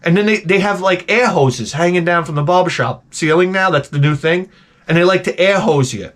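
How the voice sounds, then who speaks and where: A middle-aged man telling comedic stories as the host, in an animated, profane, exaggerated ranting style. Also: high voice, brisk. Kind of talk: comedic storytelling rant.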